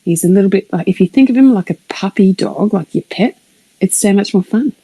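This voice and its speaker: A middle-aged woman, telling a rambling personal story on a live stream, animated and swearing, sometimes dropping to a whisper. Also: mid-range voice, brisk, low-quality recording. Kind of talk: casual anecdote on a live stream.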